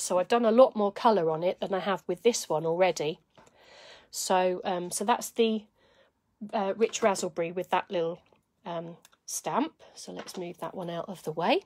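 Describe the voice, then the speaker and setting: A woman's voice: lowish voice, moderate pace, a little mellow, dry recording. A woman giving a live craft demonstration, chatting to viewers and thinking aloud as she works.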